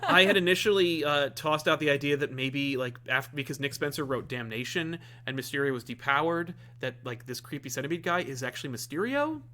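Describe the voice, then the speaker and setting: A man's voice: fairly high pitch, animated, fairly quick, hardly any pauses, bright, forceful tone. Rambling man chatting about comics. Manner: rambling, many fillers and restarts. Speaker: comic review podcast co-host. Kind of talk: casual chat.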